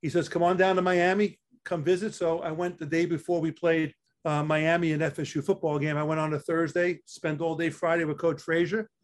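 A brisk, fairly flat, somewhat high voice comes from an older Staten Island athletic trainer with a New York accent. Guesting on a casual storytelling interview, he relates career anecdotes and repeats words frequently.

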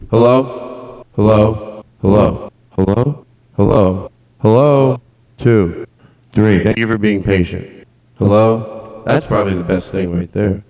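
A man's voice: on the low side, no room sound, lo-fi sound. A man hosting a comedy podcast alone in a barn studio, rambling and riffing in scattered bursts. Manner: scattered, riffing, restarts and bursts of silly bits. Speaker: podcast host.

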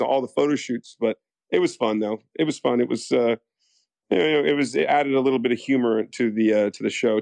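With vocal fry in his mid-range voice and no room sound, a US actor rambles through stories in a relaxed interview. Animated, he keeps restarting and acting out quotes.

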